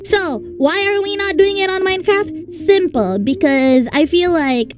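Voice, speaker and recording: A woman chatting casually on a livestream, telling stories in a playful, animated way and laughing often. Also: very high voice, measured pace. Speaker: streamer and event organizer. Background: faint background music.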